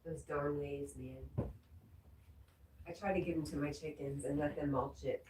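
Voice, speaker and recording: A woman's voice: low-pitched, fairly even intonation, a little slow. A woman hosting a casual livestream from home, reading viewer comments aloud and chatting back. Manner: reads viewer comments aloud, breaks off to scold her dog. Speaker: livestream host reading chat. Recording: roomy echo, distant from the mic, faint ambient noise.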